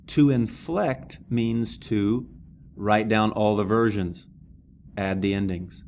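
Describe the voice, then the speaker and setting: A man's voice: on the low side, a little mellow, a little hiss or hum. A man teaching a language lesson, patient and methodical, sounding out words syllable by syllable. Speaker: Greek teacher. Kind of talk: slow classroom lesson.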